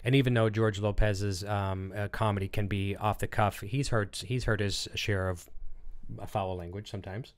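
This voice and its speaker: Give me a man with a low, smooth voice, rambling casually on a livestream and reading out chat. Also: steady tone, moderate pace. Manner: rambling, reads chat comments aloud, frequent fillers. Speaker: livestream host.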